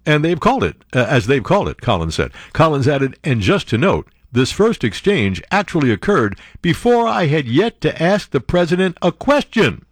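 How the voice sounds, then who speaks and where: Man, show host, news reading with commentary, sarcastic wisecracks, very lively pitch swings, dry close sound. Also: no room sound. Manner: wisecracking, sarcastic asides, animated outbursts.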